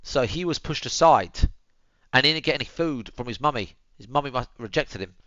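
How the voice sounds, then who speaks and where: A man's voice: mid-range voice, animated, brisk, sharp tone, no room sound, lo-fi sound. A young man, telling a story to his viewers in casual chat, swearing freely and calling them boys and bro, muttering asides while he tends his dog. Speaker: streamer.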